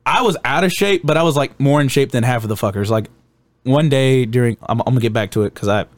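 A man's voice: medium pitch, fast, dry recording. A young man chatting casually on a podcast, swearing a lot and laughing as he acts out his drill instructors. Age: young adult. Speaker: podcast guest telling boot camp stories.

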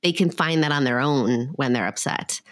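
A woman's voice: extremely low pitch, normal speed, no echo, clean studio sound. A woman hosting a podcast and talking casually about her kids, chatty and full of "like". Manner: chatty, peppered with "like". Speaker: podcast host and parent. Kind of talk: casual chat.

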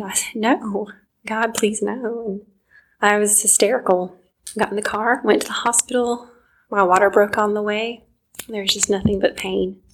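A woman's voice: medium pitch, poor audio. Woman, thirties, earnest personal testimony, drops to near whispers, faint background hiss. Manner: earnest, emotional, quiet moments near a whisper. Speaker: mother telling her story.

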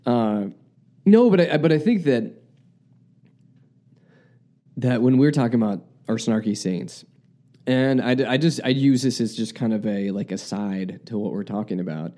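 A man's voice: mid-range voice, normal speed, pauses often, dark tone. A man from the United States co-hosting a podcast, earnestly reflecting in casual talk and often restarting his sentences. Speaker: podcast co-host.

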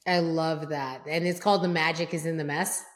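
A woman's voice: low-pitched, fairly even intonation. A woman hosting a business podcast, chatting casually and affirming her guest readily before sharing her own family story. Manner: warmly affirming, quick to agree. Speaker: podcast host. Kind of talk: casual interview chat.

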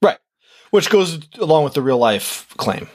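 A man's voice: fairly high pitch, very animated, unhurried. A man co-hosting a podcast, chatting casually and chiming in with short quips and agreement. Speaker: podcast co-host. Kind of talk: casual chat.

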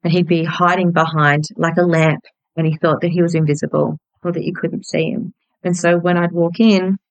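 Woman, 30s, podcast host; low-ish voice, candid and gentle storyteller, dry booth sound. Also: vocal fry, no room sound, rough recording.

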